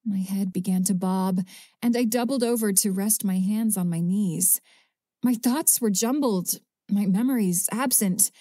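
Mellow woman reading an audiobook. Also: mid-range voice, unhurried, no room sound, studio quality. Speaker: audiobook narrator. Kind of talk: first-person audiobook narration.

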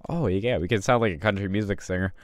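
Man, gaming youtuber, casual mumbled asides, self-amused, smooth clear voice, dry close sound. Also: fairly low pitch, fast talker, dry recording. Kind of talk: casual gameplay commentary.

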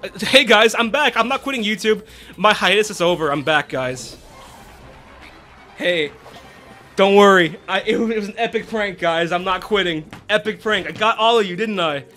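A man streaming, telling an animated casual story with lots of "right?" and "like". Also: sits high, normal speed, faint music behind.

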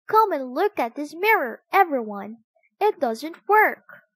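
A woman voicing a fearless, curious small boy in a storybook, eager with drawn-out questions. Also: sits high, sing-song, no room sound, clean studio sound, heavily acted.

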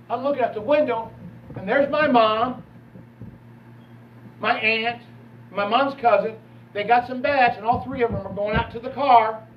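A man's voice: very high-pitched, a little hiss or hum. A man pastor preaching a sermon, telling personal stories in a conversational way. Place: church sanctuary. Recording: echoey church hall from a distance, dull.

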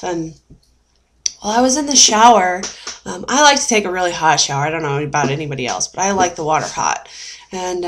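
Chatty woman telling a personal story. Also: medium pitch. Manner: chatty, many fillers and restarts. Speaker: vlogger. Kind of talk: casual storytelling vlog.

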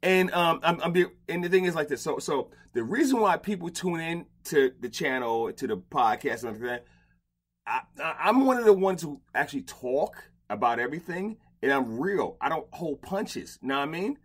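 A middle-aged man hosts a casual interview with a husky edge to his voice. He is blunt and profane, swinging from low grumbles to loud, animated rants. The sound is close and dry, from a closet lined with blankets. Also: moderate pace. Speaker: podcast host. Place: home closet padded with blankets.

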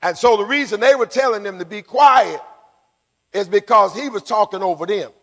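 A man with a high voice preaches a sermon in a church, and a long reverb trails his words around the hall. He calls on the congregation to answer him back and rises into shouts as he goes. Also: normal speed. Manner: call-and-response preaching, building to shouts. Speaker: pastor. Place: church sanctuary.

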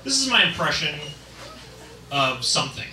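A man's voice: on the high side, big pitch swings, normal speed. A man performing a stand-up set, chatting between his impressions. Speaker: stand-up comedian. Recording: roomy, distant, noisy live room.

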